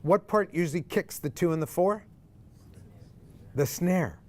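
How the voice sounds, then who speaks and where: A man's voice: on the high side, a little slow. A man teaching a group ukulele class, counting beats aloud, calling chords and quizzing the students. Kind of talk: group music lesson. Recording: loud ukulele strumming behind.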